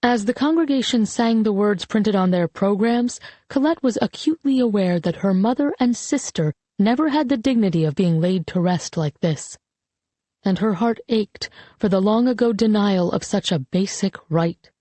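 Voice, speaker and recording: Mellow woman narrating an audiobook. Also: medium pitch, dry recording. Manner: even, measured storytelling. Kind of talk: scripted narration.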